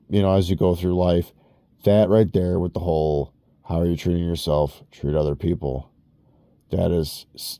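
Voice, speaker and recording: Male vlogger, very low voice, dry close sound, rambling profane rants. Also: warm tone, no echo. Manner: rambling, profane, self-interrupting. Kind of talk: rambling personal vlog rant.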